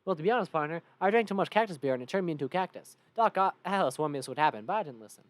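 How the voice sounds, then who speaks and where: A woman's voice: low voice, lively intonation, rapid-fire, no room sound. A woman voicing a cheerful, drunk cactus man in a video game, with a folksy, giggly drawl. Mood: tipsy, jolly.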